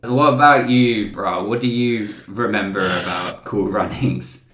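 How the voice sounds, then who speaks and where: A man's voice: lowish voice, a little slow, fairly bright tone. Chatty British man in a roomy echo. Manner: chatty, self-deprecating, laughs readily. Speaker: podcast host. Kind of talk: casual chat.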